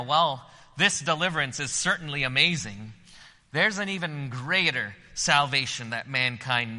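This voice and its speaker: A man preaching a sermon. He swells to loud, emphatic peaks when reading scripture and drops low when he explains. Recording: long hall reverb.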